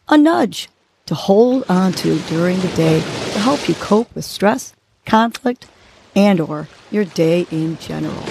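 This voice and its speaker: A woman hosting a morning podcast, guiding a breathing exercise and giving encouraging words in a soothing, steady voice. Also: medium pitch, breathy edge. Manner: slow, soothing, encouraging delivery. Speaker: podcast host. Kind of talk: guided breathing and motivational talk.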